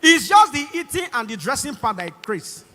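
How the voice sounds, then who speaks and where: A young Nigerian man doing stand-up with a very high, bright voice that jumps all over the place. He performs animatedly into a handheld mic and slips into voices and shouts. Long concert hall reverb trails every line. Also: sing-song, a little fast. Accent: Nigerian English. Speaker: stand-up comedian. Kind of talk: stand-up comedy routine. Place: large concert hall stage.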